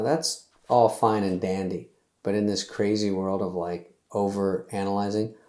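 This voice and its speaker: A man's voice: fairly low pitch, warm tone, echoey room. A middle-aged man hosting, delivering a loose, sarcastic comedy monologue that acts out little quotes in other voices. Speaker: host.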